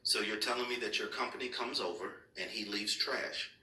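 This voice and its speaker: In a serious heart-to-heart, a man acting as a father reassures his child with patience and firmness. The voice is on the low side, bright and forceful, at a normal speed. It was captured in an echoey room with the microphone far away.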